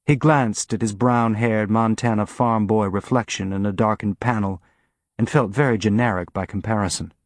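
Steady male audiobook narrator. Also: on the low side, moderate pace, no echo, studio quality. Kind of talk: scripted narration.

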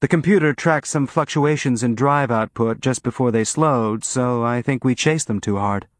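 A man's voice: mid-range voice, normal speed, no echo, studio quality, close to an everyday voice. A man voicing a competent woman ship engineer who reports in a matter-of-fact way.

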